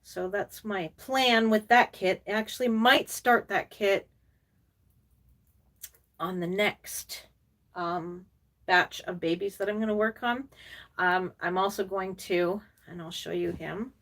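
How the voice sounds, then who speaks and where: An older woman chats her way through a live stream, rambling warmly between fillers and little laughs as she answers viewer comments. Now and then she slips into soft, cooing baby talk. Her middle-pitched voice sits a little back from the microphone. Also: fairly even intonation, unhurried, far from the mic. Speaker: reborn doll artist and collector hosting a live stream.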